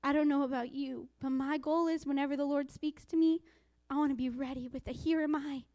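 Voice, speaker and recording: A woman preaching a sermon, reading scripture slowly and dropping into hushed whispers for emphasis. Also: sits high, steady tone, dry recording. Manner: quotes scripture in a slow, deliberate voice.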